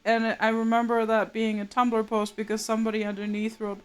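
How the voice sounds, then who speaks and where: A woman's voice: on the high side, monotone, fairly quick, hardly any pauses, smooth. A woman streaming live, chatting casually and laughing often while she mutters to herself over her drawing. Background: soft game music.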